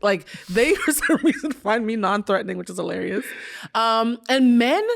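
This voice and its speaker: A woman hosting a podcast, telling stories in a lively, casual way with quick asides. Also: medium pitch, creaky. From United States. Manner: fast, animated storytelling with quick asides. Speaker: podcast host. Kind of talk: casual storytelling chat.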